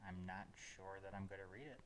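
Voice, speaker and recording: A man's voice: low voice, monotone, fairly quick, a little hiss or hum. A man co-hosting a casual podcast chat about comics, easygoing and a bit hesitant, often restarting his sentences. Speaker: podcast co-host.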